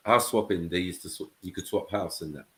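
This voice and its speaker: Casting note: very low male voice, casual storyteller, echoey room. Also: fairly quick, a bit bright. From England. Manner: storytelling, keeps checking in with "you know what I mean". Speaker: panel host. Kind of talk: casual panel chat.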